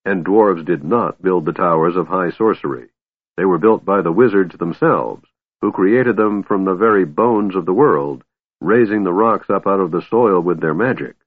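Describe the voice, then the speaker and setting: A man voicing a gruff, snappish old male dwarf in an audiobook, proud and grumbling. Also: sits low, moderate pace, dry recording, narrow, tinny audio. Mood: lecturing.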